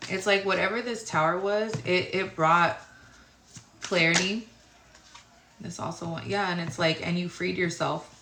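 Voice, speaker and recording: A woman's voice: lowish voice, fairly even intonation, a little slow, pauses often, noisy background. A woman giving a casual tarot reading to viewers, rambling and searching for words, sounding tired. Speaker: tarot reader. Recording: roomy echo.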